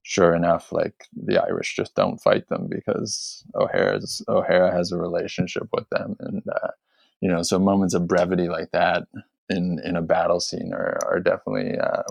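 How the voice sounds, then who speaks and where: A man's voice: low-pitched, vocal fry, dry recording, clean studio sound. A man hosting a podcast, chatting casually and a bit ramblingly about a film, with many fillers. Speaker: podcast host.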